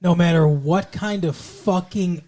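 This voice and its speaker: A male podcast co-host casually recaps a TV episode, sarcastic and profane, slipping into sung lines and mock voices. His high, warm voice moves a little slowly, with slight background noise.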